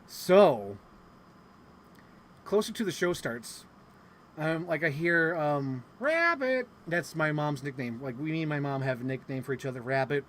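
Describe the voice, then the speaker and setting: A man chats to his camera in a loose vlog style, talking in a voice a little higher than most. He gets animated and swears freely as he tells a story. A faint hiss sits under the recording. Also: moderate pace. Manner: animated, swears freely, acts out quotes with big pitch jumps. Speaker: vlogger.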